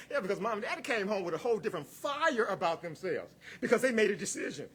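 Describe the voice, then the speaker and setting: A man's voice: high-pitched, very animated, fast talker, a bit bright, a little hiss or hum. A man preaching a rousing sermon as guest minister, repeating words, building in waves, calling out to the congregation and chuckling between points.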